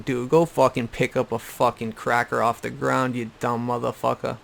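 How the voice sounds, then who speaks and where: Young man, gravelly voice, blunt profane rambling recap, faint hiss behind. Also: mid-range voice, level tone, moderate pace, few pauses, a bit bright. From Boston area. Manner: profane, blunt, repeats himself. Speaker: YouTube recap host. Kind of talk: casual rant-style show recap. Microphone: desktop USB microphone.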